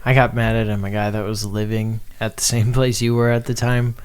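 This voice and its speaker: A man's voice: lowish voice, little pitch movement, a little fast, smooth. A man hosting a podcast, reacting in a laid-back, slangy way during casual chat.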